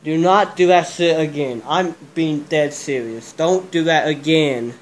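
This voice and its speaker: Slow-talking, rattled young man. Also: fairly high pitch. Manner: agitated, swears a lot, repeats himself. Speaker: vlogger. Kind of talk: casual vlog chat.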